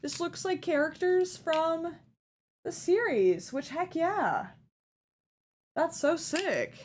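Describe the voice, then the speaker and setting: A woman's voice: very high-pitched, lively intonation, slow. A woman streaming herself opening a fan's care package, chatting casually and gushing with delight over each item. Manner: bubbly, gushing, easily delighted. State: hiccups. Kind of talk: casual unboxing chat.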